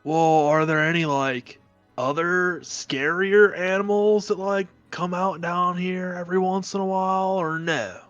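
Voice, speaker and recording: A man's voice: high-pitched, steady tone, unhurried, fairly bright tone, clear, resonant tone, muffled recording, soft background music. A man playing a character in a tabletop game, talking in an easygoing, friendly way. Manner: easygoing, laid-back, friendly. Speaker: player. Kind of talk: in-character tabletop role-play.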